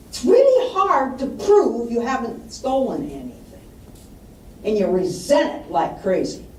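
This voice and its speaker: Speaking in a mid-range voice with a darkish tone, a woman narrates client anecdotes at a public talk on estate planning, voicing each quoted person herself. There's a little hiss or hum, and the distant mic in the large hall adds faint room ambience.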